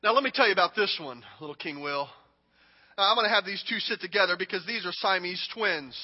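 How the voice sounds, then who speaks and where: A man preaching a sermon and acting out a king speaking, dramatic and emphatic, moving between hushed lines and shouting. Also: sits high, fast talker. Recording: long hall reverb, dull audio.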